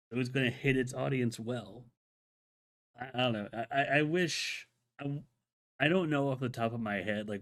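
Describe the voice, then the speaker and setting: A man hosting a solo live-stream show, chatting casually and enthusiastically, rambling with many restarts and filler words. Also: medium pitch.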